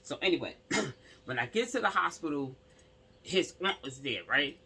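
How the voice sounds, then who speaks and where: Husky, lively woman telling a story. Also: deep voice, moderate pace. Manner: emphatic, rambling, lots of asides to the audience. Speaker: vlogger telling a personal story. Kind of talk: casual storytelling to viewers.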